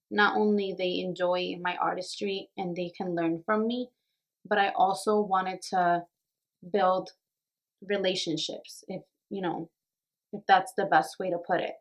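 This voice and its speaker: A young woman who works as a makeup artist and beauty vlogger, talking to the camera in an earnest, reflective way, a little nervous and emotional. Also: medium pitch. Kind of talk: casual talk to camera.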